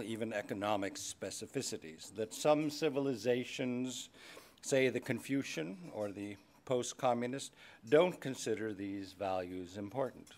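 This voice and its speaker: A man giving a keynote speech at a formal dinner, starting loose with fillers and turning firm and emphatic. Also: mid-range voice. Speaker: keynote speaker, head of state. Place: large banquet hall.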